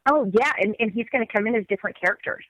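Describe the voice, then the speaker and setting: A middle-aged woman co-hosting a podcast, talking in a relaxed, enthusiastic way and laughing easily. Her voice is recorded dry and close, with no room echo. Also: fairly high pitch, very fast, lo-fi sound. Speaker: podcast co-host. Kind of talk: casual chat.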